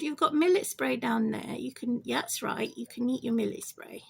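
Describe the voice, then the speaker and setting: At a moderate pace and with hardly any pauses, a woman with a husky, gravelly voice goes on about her pet bird to camera. She repeats herself and turns to talk directly to the bird in a high sing-song, as pet owner vloggers do.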